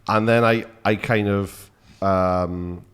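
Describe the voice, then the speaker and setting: A man's voice: fairly low pitch, steady tone, slow, a bit bright, clear, resonant tone. A Welsh man hosting a podcast in casual chat, laughing often and filling with ums. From Wales. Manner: chatty, laughing, hesitant with many ums. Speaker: podcast host.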